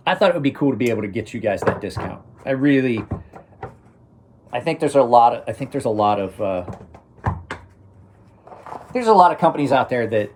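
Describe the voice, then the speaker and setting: Brisk and expressive at a medium pitch, this knife channel host talks casually on a live stream with frequent pauses and noise behind him. The middle-aged man wanders off track, starts sentences over, and laughs quietly to himself.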